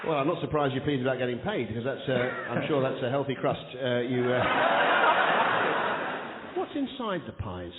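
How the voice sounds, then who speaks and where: A man's voice: mid-range voice, very animated. A man from the south of England hosting a live comedy chat show, firing off puns and joking with the audience. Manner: rapid-fire punning, playful, shouts to the crowd. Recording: echoey hall on a tinny, noisy radio recording.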